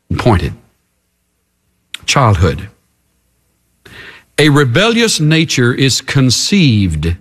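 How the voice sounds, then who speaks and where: A male preacher delivers a sermon with an animated voice that swings widely in pitch. His delivery is emphatic and dramatic, and he addresses the congregation directly. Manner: emphatic and dramatic, acts out the characters.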